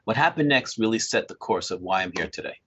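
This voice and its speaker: An older man in his sixties, a Torah scribe, tells a story to a small group with a husky, slightly breathy voice. His pitch swings widely as he acts out dialogue, and he chuckles often while talking. The recording sounds dull and lo-fi. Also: expressive, fast, bright, forceful tone.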